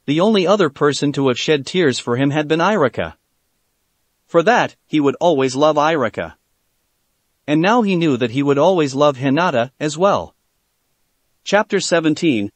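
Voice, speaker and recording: A man reading a fan fiction story aloud, steady and plain in his storytelling. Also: on the high side, no echo. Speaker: narrator.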